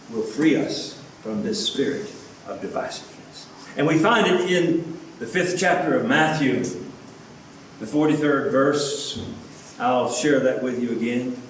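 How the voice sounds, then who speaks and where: A man preaches a sermon as a pastor, speaking earnestly at a medium pitch and an unhurried pace while posing rhetorical questions to his listeners. He's recorded from a distance in an echoey room, with faint background noise.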